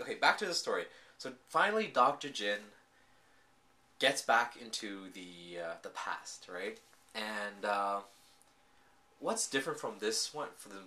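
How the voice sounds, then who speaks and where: A man casually recapping and reviewing a TV drama, telling the story in an animated way full of filler words. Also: fairly low pitch.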